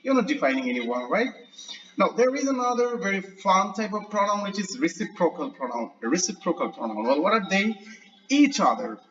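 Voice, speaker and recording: A man's voice: high voice, very animated, fairly bright tone. A man who is an English lecturer gives an online grammar lesson in a chatty way. He often checks in with "right?" and stretches out his fillers. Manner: drawn-out, hesitant fillers. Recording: distant, dull lo-fi mic.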